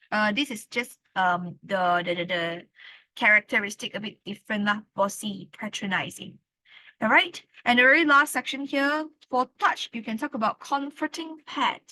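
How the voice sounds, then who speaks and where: Bright-voiced woman teaching English. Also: a little high, no echo, rough recording. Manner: explains slowly, repeats key words, says "all right" often. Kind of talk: classroom lesson.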